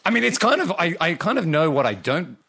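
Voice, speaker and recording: A man on a radio panel telling a family anecdote, laughing through it and mocking himself. His voice is pitched a little high and swings widely, and a clear hiss of noise sits behind him. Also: sing-song, brisk, pushed and bright. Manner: laughing storyteller, self-deprecating. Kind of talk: casual chat.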